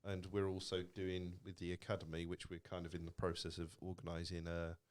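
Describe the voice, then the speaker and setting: A man from Lancashire, his voice lowish, chats in relaxed podcast banter. He laughs easily and teases the others. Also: a little fast. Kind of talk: casual chat.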